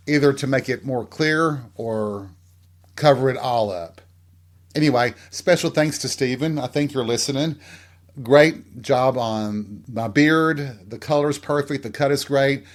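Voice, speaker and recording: A middle-aged man with a Southern accent hosting a casual podcast monologue at home while getting dressed, bawdy, rambling and self-mocking. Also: mid-range voice. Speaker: podcast host.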